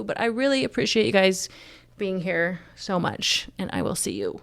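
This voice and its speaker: A woman's voice: medium pitch, sing-song, unhurried, creaky, clear, resonant tone, no echo. A woman from Texas giving her opinions in a casual vlog, joking and rambling with many restarts. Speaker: YouTube commentator.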